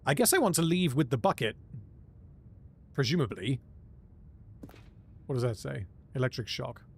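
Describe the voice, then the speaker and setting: A man's voice: mid-range voice, lively intonation, moderate pace, creaky, slight background noise. Joking male game streamer. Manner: joking, rambling, thinking aloud. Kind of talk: casual live commentary.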